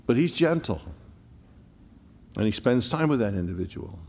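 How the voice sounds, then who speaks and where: Gravelly low-voiced man preaching in a reverberant hall. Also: sing-song. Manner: swings from loud declaring to hushed near-whispers; slow deliberate phrasing on key words. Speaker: pastor. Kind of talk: sermon.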